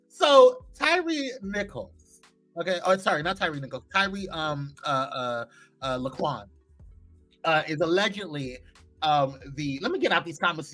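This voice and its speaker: A man hosting a live morning talk show, chatting casually and teasingly as he reads viewer comments and dishes gossip. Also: sits high. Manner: animated, playful, teasing, chatty with frequent laughs.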